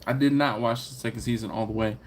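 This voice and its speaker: A man's voice: mid-range voice, steady tone, fast, a little hiss or hum. A man from Philadelphia hosting a casual livestream, reading viewer comments aloud and laughing often. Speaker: livestream host reading chat. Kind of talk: casual live chat.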